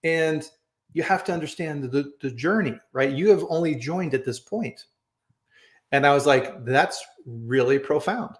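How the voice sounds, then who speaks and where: A man's voice: fairly high pitch, normal speed, reverberant. A man hosting a casual chat, telling stories and often checking in with "right?". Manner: storytelling, says "right?" often. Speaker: host.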